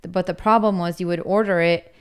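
A woman's voice: fairly low pitch, steady tone, fairly quick, clear, resonant tone. A woman co-hosting a podcast in an office, talking about her work in a chatty, easygoing way. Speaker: podcast co-host, furniture buyer for clients. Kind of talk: casual chat.

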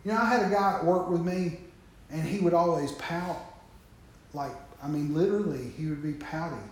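A man's voice: a little high, normal speed, very echoey. A man preaching a sermon, talking straight to the congregation with joking asides.

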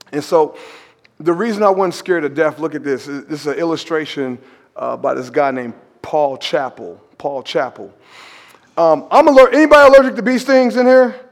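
A man preaching a sermon as pastor, storytelling with animated, shouted emphasis in a church sanctuary. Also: high voice. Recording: long reverb of a large church hall.

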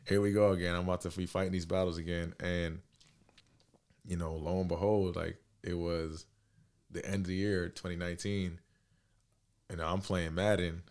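A young man in his twenties, telling a story in a casual chat, slangy and animated, acting out the dialogue. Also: low voice, moderate pace, long pauses. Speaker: podcast guest.

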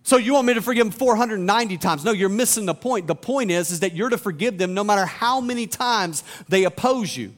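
A man with a notably high voice delivers a sermon. He reads scripture aloud and breaks it down for his listeners, asking rhetorical questions as he goes. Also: animated, fairly quick, hardly any pauses. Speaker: pastor.

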